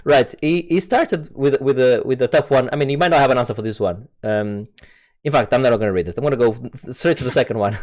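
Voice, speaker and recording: A man's voice: medium pitch, a little mellow. A man hosting a casual podcast chat, stumbling over words, repeating himself and laughing often. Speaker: podcast host. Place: home setup, recorded over voice chat.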